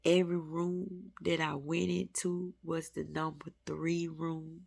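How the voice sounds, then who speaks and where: Woman, low, earnest spiritual vlogger, intimate and emotional, unhurried delivery. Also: little pitch movement, gravelly, a little mellow. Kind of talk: heartfelt spiritual talk to viewers.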